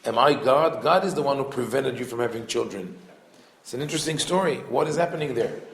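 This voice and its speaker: A man teaches a Torah class as a rabbi, his voice carrying a gravelly edge. He explains thoughtfully, pausing on fillers and restarting phrases. The room around him is echoey. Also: medium pitch, lively intonation.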